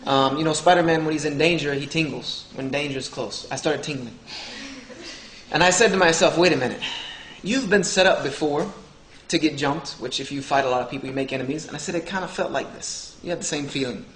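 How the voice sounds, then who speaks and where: A man's voice: a little high, brisk, a bit bright, a little hiss or hum. Man telling a joking story. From Southern United States. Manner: joking, acts out the dialogue of others. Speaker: speaker telling his story. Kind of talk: humorous storytelling talk to an audience. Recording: echoey hall with faint ambience.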